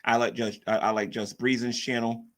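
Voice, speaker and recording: A man's voice: mid-range voice, level tone, moderate pace. A man hosting a casual livestream, rambling and repeating himself as he reacts to chat. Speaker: livestream host.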